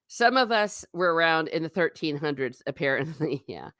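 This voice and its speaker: A woman's voice: measured pace, dry recording. Chatty middle-aged woman, dry close sound. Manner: chatty, rambling, animated pitch swings. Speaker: livestream host reading chat. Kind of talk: casual livestream chat.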